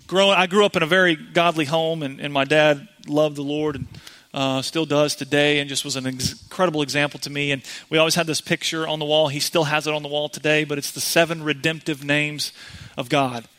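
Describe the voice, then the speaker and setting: A man's voice: on the high side, a bit bright. A man preaching a sermon in a church, speaking earnestly and directly to the congregation. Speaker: pastor.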